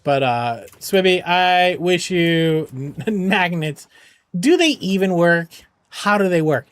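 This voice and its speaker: High-voiced joking male streamer. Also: expressive, slow, dry recording. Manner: joking, rambling, reassuring. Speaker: charity game streamer. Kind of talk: casual chat with viewers.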